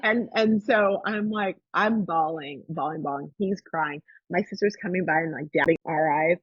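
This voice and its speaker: A woman with a deep, husky voice hosts a podcast at a normal pace, telling a personal story in casual chat. She animates the tale by acting out the voices of the people in it. The recording is dry and lo-fi.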